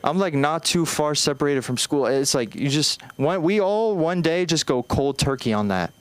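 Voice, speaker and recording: A man's voice: a little high, expressive, normal speed, clean tone. A young man in his twenties doing an open-mic stand-up set on a small club stage, talking in an anxious, self-deprecating, rambling way with lots of restarts. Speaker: stand-up comedian.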